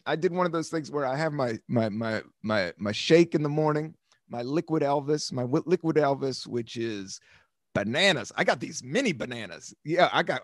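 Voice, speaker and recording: Clean studio sound with no room tone captures a mid-range male voice. The speaker, an American podcast host in his fifties, delivers a casual, rambling monologue of stories, full of free swearing and frequent laughter.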